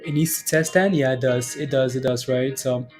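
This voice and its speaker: A man's voice: medium pitch, steady tone, normal speed, darkish tone, soft background music. A man hosting a live stock trading stream, chatting casually with viewers, often laughing and repeating himself. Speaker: stock trading livestream host.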